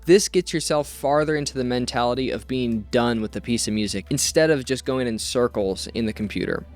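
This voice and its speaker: A man who hosts a channel as an electronic music producer, giving steady, scripted advice to camera. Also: mid-range voice, fairly quick.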